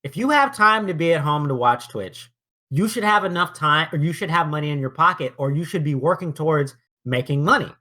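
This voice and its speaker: A man's voice: fairly high pitch, expressive, brisk, bright, forceful tone. A man co-hosting a podcast, arguing his point emphatically, swearing often and tripping over his words as he starts. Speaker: podcast co-host. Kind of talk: casual podcast argument.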